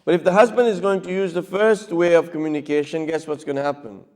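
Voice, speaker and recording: A man's voice: a little high, fairly even intonation, fast talker, a little mellow. A man, a cleric, teaching in a lecture style, often checking with his listeners and acting out short dialogues. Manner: keeps checking with listeners, acts out little dialogues. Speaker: cleric giving a talk. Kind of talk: lecture with audience questions. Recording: long reverb of a hall.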